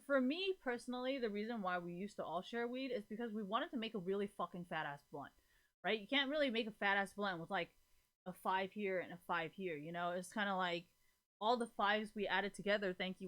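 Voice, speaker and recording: A woman streamer chatting casually to her live audience, rambling, swearing freely and filling nearly every pause with "like". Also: medium pitch, fairly bright tone. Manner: rambling, profane, fills every gap with "like".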